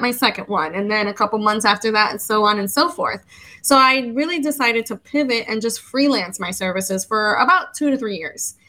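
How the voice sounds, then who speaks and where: A woman in her thirties from the United States, a guest on an interview show, talking in a casual, animated way and often acting out her own past words. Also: a little high, low-quality recording. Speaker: podcast guest, legal educator.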